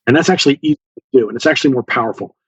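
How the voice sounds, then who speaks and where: A man's voice: mid-range voice, rapid-fire, breathy edge, no echo, rough recording. A man being interviewed, telling a story with lots of fillers and acting out the dialogue. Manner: animated storyteller, acts out dialogue, many fillers. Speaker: guest author, former Special Forces officer.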